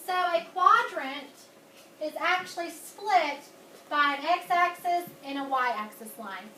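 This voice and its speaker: High-voiced teacher in echoey classroom. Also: female voice, lively intonation, measured pace, a bit bright, distant mic, slight background noise. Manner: upbeat, coaxing, repeats key words. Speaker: elementary school teacher. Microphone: far camera.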